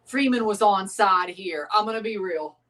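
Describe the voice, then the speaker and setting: A man with a fairly high voice talks loosely through a live match watchalong. He answers his chat, circles back to the same points and repeats himself, and he sits a little back from the mic. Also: normal speed, fairly bright tone, distant mic. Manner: chatty, repeats phrases, answers chat viewers. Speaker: livestream host reacting to a match. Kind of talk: casual live watchalong commentary.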